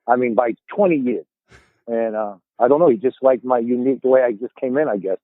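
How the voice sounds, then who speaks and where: A man's voice: medium pitch, fairly quick, no echo. A man in his fifties with a thick Boston accent, telling stories as a podcast guest. He rambles and stumbles, repeating words as he gets going. His voice comes through a narrow, phone-like line with no room sound at all. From Boston area, USA. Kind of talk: casual storytelling chat.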